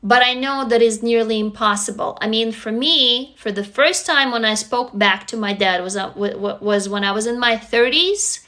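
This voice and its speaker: A woman's voice: fairly high pitch, normal speed, hardly any pauses, bright, forceful tone. A woman in her forties from Russia with a Russian accent, chatting candidly and encouragingly to viewers on a live stream, swearing freely. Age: 40s. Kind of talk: casual live stream chat.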